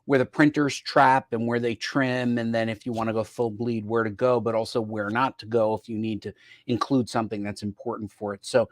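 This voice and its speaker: Male show host, playful and chatty, dry close mic, mid-pitched voice. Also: steady tone, a little fast, dry recording. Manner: upbeat, playful, frequent fillers. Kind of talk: casual chat about gifts.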